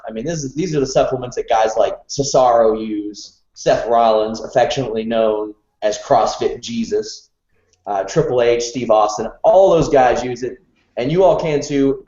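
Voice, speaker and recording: A man's voice: mid-range voice, darkish tone, roomy sound, dull audio. A man hosting a wrestling podcast, chatting casually and reading an ad with a jokey edge. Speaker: podcast host. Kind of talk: casual podcast chat with ad read.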